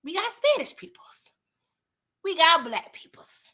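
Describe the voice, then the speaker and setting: A woman hosts a laid-back TV recap and review chat in a very high, bright, forceful voice that swings widely in pitch at a measured pace. She engages playfully with live viewers and voices the characters' lines.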